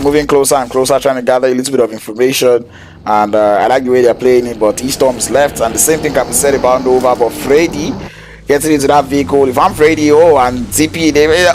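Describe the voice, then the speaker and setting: A man's voice: medium pitch, a little hiss or hum. Laid-back male esports caster. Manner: casual, joking, slangy, rises to excited shouts in fights. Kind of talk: live esports play-by-play commentary.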